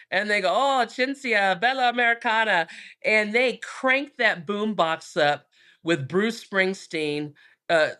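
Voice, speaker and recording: A middle-aged American woman, a book author telling travel stories in an interview, animated and acting out the voices in them. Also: fairly low pitch. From United States. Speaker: guest, author. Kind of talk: storytelling interview.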